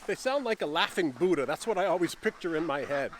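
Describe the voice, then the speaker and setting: A man vlogging outdoors on his farm, talking casually to the camera and gently chatting to his cats, ducks and geese. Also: a little high, animated, fairly quick, slight background noise. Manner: chats softly to his animals. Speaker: homesteading vlogger. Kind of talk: casual farm vlog talk.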